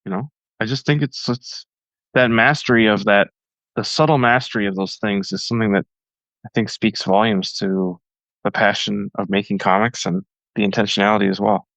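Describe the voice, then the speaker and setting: A man's voice: on the low side, fairly even intonation, moderate pace, fairly bright tone, no room sound, dull audio. A man talking as a guest on a podcast, enthusiastic and rambling with lots of fillers. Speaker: guest cartoonist. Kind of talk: casual podcast interview.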